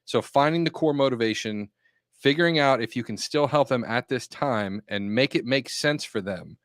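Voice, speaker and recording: A man's voice: mid-range voice, normal speed, fairly bright tone, no room sound, clean studio sound. A man co-hosting a real estate podcast, giving direct, matter-of-fact advice and laughing easily. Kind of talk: casual chat and advice.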